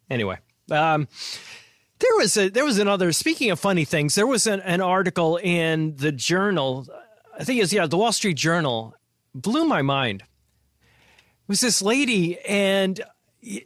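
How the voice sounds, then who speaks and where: A man's voice: high voice, moderate pace, dry recording, clean studio sound. Chatty man hosting a money podcast. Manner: chatty, laughs often, animated retelling. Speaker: podcast host. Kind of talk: casual financial commentary.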